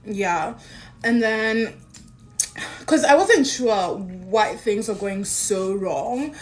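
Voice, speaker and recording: A young woman casually telling a personal story, animated and chatty, acting out the lines of others. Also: medium pitch, extremely slow. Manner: animated, acts out dialogue, chatty with fillers. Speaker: interviewee.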